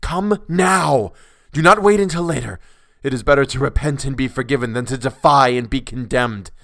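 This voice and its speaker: A man's voice: medium pitch, normal speed, gravelly, a bit bright, no echo, studio quality, voice pushed up. A man voicing a young sailor who has gone mad, crying out in wild, urgent pleas. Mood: frantic.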